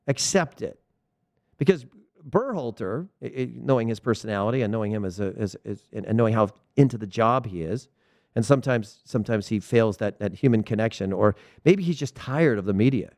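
A man, a former player, giving a casual opinion monologue about soccer, animated, often repeating words and telling stories. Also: medium pitch, normal speed, dry recording, clean studio sound. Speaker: soccer commentator.

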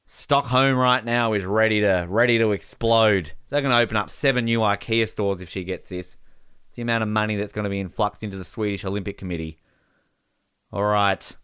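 A man doing casual, joking commentary while watching a match, with bursts of excited shouting at big moments. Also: fairly low pitch, smooth, no echo, studio quality. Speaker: podcast co-host.

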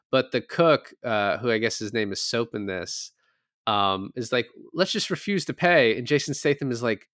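Podcast co-host, male, mid-pitched, dry close sound, chatty recap with laughs. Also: a bit bright, dry recording. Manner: laughing, retells scenes with quoted lines. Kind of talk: casual movie review chat.

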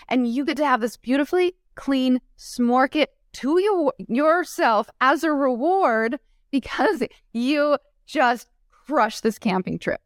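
She takes it slowly, her voice sitting high, in clean studio sound with no room sound. The woman is an entrepreneur guesting on an interview, chatting casually as an animated storyteller who acts out quotes and laughs a lot.

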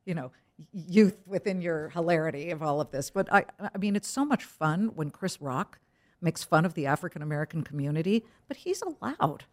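A middle-aged woman with a somewhat low voice speaks as a guest in a podcast interview. She is a news anchor. Her talk is emphatic and quick-witted. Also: lively intonation. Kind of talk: conversational interview.

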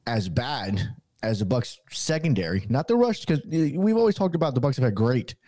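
A man hosting a sports podcast, walking through game plays in a measured, casual way. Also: medium pitch, big pitch swings, warm tone, no room sound. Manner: measured, breaks down plays with restarts. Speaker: podcast host.

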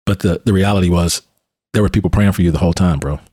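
Man, very deep voice, dry close sound, animated storyteller, restarts phrases. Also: quick pace, slightly rough, dry recording. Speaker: host, police officer and mentor. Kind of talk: casual conversational storytelling.

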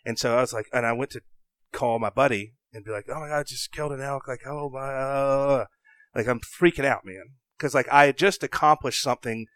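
Young Southern guy, excitable storyteller, mid-pitched voice, dry close mic. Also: brisk, no room sound. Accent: Southern American. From American South. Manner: excitable, self-interrupting, acts out his own inner voice. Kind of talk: animated casual storytelling.

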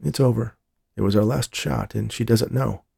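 A man's voice: fairly low pitch, normal speed, creaky, mellow, slightly rough, no echo, clean studio sound, exaggerated voice. A male narrator playing a grieving bank robber who speaks in an earnest, pleading way.

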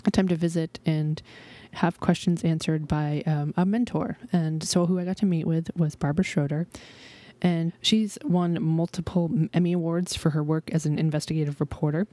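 A woman's voice: deep voice, fairly even intonation, normal speed, warm tone, no echo. A chatty woman in her thirties hosts her own podcast. She talks in a bubbly, rambling way, with lots of "um" and "like". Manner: chatty, bubbly, frequent laughs and fillers. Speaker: podcast host. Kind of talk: casual podcast intro and interview.

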